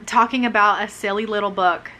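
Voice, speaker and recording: A woman's voice: medium pitch, steady tone, a little fast, bright, forceful tone. A young woman author chatting casually on her vlog, bubbly and giggly, full of fillers, her voice a little worn. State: voice wearing out. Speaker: author vlogger. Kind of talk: casual chat. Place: living room. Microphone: camera mic.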